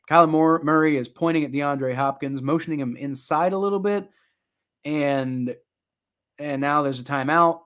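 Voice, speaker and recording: A young man talks through a football game live, half commentary and half reaction, rambling with lots of fillers. His voice sits a bit higher than most men's, and he gets loud and exasperated when the play annoys him. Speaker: sports reaction streamer.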